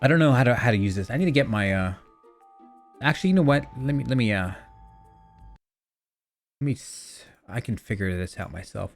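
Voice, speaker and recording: A man's voice: mid-range voice, animated, a little fast, gravelly, long pauses, soft background music. A young man streaming, chatting casually in a rambling, profane, self-mocking way while fiddling with his mixer. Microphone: desk mic through a streaming mixer.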